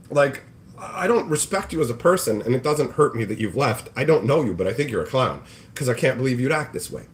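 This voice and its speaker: A man's voice: medium pitch, lively intonation, fairly quick. A man ranting on a casual livestream, sarcastic and profane, mocking people in put-on voices. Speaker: livestream host. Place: home kitchen, cooking bacon.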